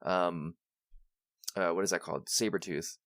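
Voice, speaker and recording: A man co-hosting a casual movie podcast, excitedly retelling scenes with swearing and acted-out quotes. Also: sits low, unhurried, no room sound, studio quality. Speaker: podcast co-host.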